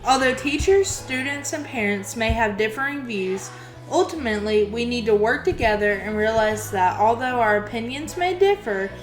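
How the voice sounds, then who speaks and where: Higher-voiced woman reading questions. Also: animated. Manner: measured, read-aloud delivery. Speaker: student interviewer. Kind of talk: read interview questions and narration. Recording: echoey room with faint music.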